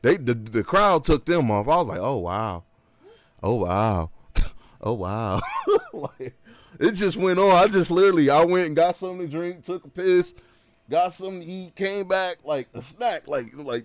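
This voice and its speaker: A man streaming a game chats casually and rants emphatically in a livestream, animated and packed with slang and repeated asides. His voice is high-pitched at a normal speed.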